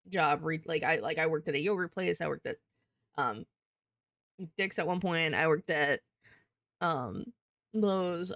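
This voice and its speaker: A woman's voice: on the low side, gravelly, no echo, studio quality. A young woman chatting casually on a livestream, rambling and swearing as she talks with viewers. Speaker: streamer.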